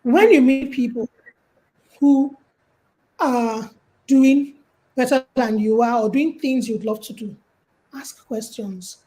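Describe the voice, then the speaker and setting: Slowly and with frequent pauses, a Nigerian woman speaking as a guest on a call offers casual guidance on life and money. She's lively, telling stories and performing quotes in a slightly high voice over a low-quality recording.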